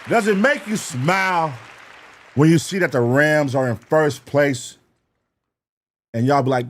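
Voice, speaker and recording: A man's voice: fairly high pitch, expressive, normal speed. Hyped, slangy male reaction streamer. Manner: loose, laughing, profane slang, shouting out chat names. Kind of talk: live-stream reaction commentary.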